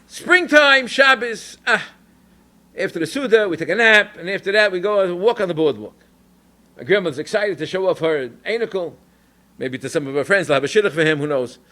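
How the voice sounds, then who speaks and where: A man from New York, a rabbi and educator, telling an animated personal story in a Torah talk, sprinkled with Yiddish and Hebrew terms. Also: sits high, fairly quick.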